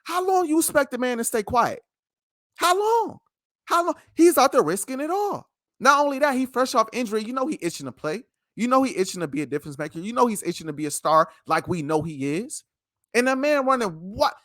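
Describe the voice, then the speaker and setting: A man's voice: very high-pitched, big pitch swings, quick pace, sharp tone, no room sound, clean studio sound. Passionate man ranting about football. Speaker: sports podcast co-host. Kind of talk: heated sports debate.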